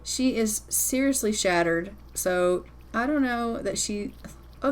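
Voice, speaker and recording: A woman's voice: on the high side, big pitch swings, slow, pauses often. A woman giving casual, blunt, chatty commentary while playing a life-simulation game, swearing now and then. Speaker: gameplay commentator.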